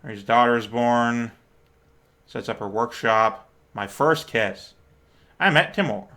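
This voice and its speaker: A man hosting a let's play, chatting casually and reading the game's text aloud in a playful, quick-laughing way with the odd mild swear. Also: mid-range voice, pushed and bright.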